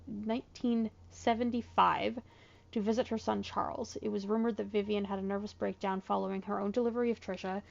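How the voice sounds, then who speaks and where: Sleepy gravelly-voiced woman gamer. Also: medium pitch, a little mellow, highs cut off. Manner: thinks aloud, unhurried, reads with a measured tone. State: sleepy, yawning. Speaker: let's play gamer. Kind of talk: casual gameplay commentary, reading in-game letters aloud.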